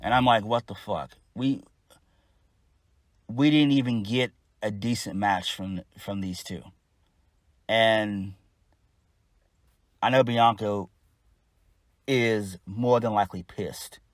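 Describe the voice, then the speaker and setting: A man's voice: on the low side, takes it slowly, long pauses, no echo, clean studio sound. A man giving a casual solo wrestling review, blunt, exasperated and profane.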